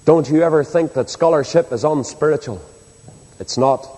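High-voiced preacher in a hall. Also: male voice, normal speed, breathy edge. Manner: impassioned, rising and falling from loud exhortation to hushed appeal. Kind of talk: sermon. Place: large hall with a congregation. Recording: long hall reverb.

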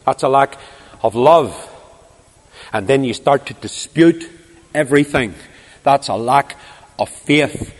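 A man's voice: on the high side, in a large hall. A man preaching an impassioned sermon, full of rhetorical questions and repeated phrases.

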